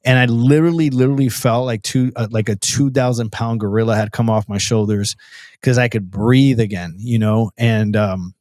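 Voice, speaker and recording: A man's voice: mid-range voice, fairly even intonation, normal speed, a little mellow, no room sound. Earnest man telling his testimony, dry sound. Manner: earnest storytelling, many restarts, calls the host "bro". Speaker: podcast guest. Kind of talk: personal testimony in a podcast interview.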